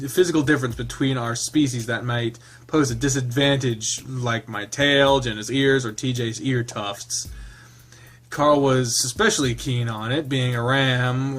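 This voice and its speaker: Man casually reading a game aloud. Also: medium pitch. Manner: casual, laughing, swearing asides. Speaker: visual novel reader. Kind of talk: reading a visual novel aloud with commentary.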